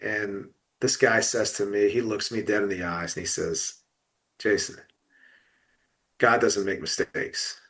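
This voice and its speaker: A man's voice: lowish voice, fairly even intonation, a bit bright. A middle-aged man talking about loss in an emotional podcast conversation, full of restarts and fillers. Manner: halting, many restarts and fillers. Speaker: guest.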